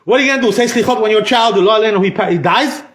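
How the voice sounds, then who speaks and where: High-voiced rabbi in an echoey room. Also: male voice, racing, a bit bright. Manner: conversational, constantly says "you know", mixes in Hebrew terms. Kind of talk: informal Torah class.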